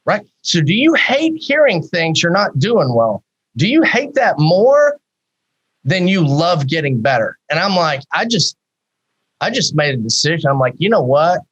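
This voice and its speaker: A man in his fifties, a psychologist guest in a podcast interview, talking in a candid, animated way with many rhetorical questions. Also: on the high side, a little slow, slightly rough, lo-fi sound.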